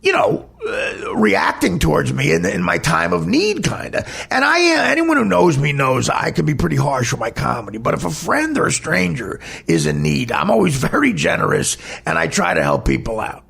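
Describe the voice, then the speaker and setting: A podcast host with a high, husky voice and a heavy gravelly fry tells a personal story. His pitch swings widely as he rambles bluntly and swears freely. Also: wildly swooping pitch, normal speed, hardly any pauses, fairly bright tone.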